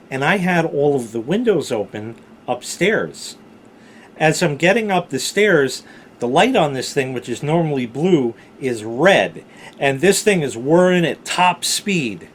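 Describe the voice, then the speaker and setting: A man vlogger telling a personal story in a casual, profane way that grows animated and excited. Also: a little high, a little hiss or hum.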